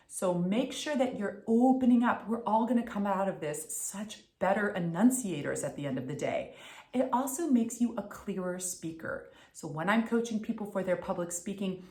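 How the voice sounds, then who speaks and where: A woman voice coach delivers an upbeat instructional tutorial, enunciating each word crisply. Her pitch sits in a middle range. The recording carries a noticeable room echo.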